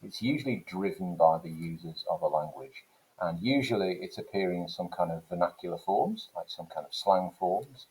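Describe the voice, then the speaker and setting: Low, mellow-voiced male English teacher. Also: animated, moderate pace, low-quality recording. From England. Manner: explanatory, with frequent "okay" and "so" fillers. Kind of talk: classroom lecture.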